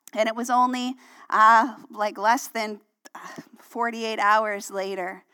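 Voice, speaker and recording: A middle-aged woman pastor, preaching a sermon and telling a personal story in a conversational way that turns animated when she acts out dialogue. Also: a little high.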